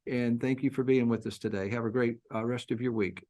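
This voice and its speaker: A man hosting a business webinar as an industry analyst, speaking in a measured, businesslike way over a video call. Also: mid-range voice, fairly even intonation, warm tone. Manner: measured, businesslike, wraps up with announcements.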